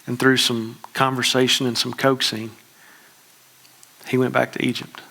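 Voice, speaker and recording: A man, preaching a conversational, emphatic sermon as a pastor with quick restarts. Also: medium pitch, little pitch movement, creaky, bright, forceful tone.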